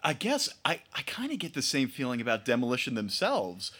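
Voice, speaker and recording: A man's voice: medium pitch, wildly swooping pitch, a little fast, pushed and bright, breathy edge. A man co-hosting a podcast in casual chat, wry and joking, laughing often. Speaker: podcast co-host.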